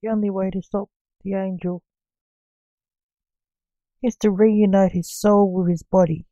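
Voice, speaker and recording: A woman reading a storybook, voicing a calm guide giving instructions. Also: medium pitch, unhurried, dry recording, muffled recording, lightly acted. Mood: instructive.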